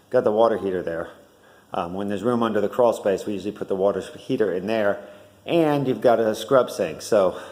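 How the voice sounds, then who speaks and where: Low-voiced home builder, casual and explanatory. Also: male voice, darkish tone. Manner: casual, explanatory, frequent filler words. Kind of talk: walkthrough tour narration. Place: at a newly built house, outside then indoors.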